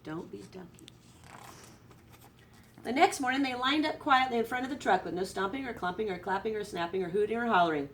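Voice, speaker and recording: Teacher reading a storybook aloud, distant mic. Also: female voice, on the high side, quick pace, few pauses, a little hiss or hum. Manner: expressive read-aloud, voice rising for excitement. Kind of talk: storybook read-aloud to students. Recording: distant from the microphone.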